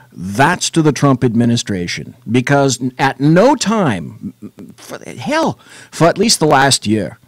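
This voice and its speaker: A male talk radio host who rambles through wry jokes and asides. His pitch swings lively up and down, and the studio sound is dry and close. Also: no room sound. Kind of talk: casual talk radio chat. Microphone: studio mic.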